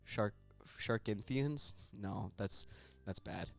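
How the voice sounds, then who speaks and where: A young man hosting a casual podcast, chatty and easygoing, tossing in quick reactions and laughs. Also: fairly low pitch, gravelly, soft background music. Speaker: podcast host. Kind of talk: casual chat.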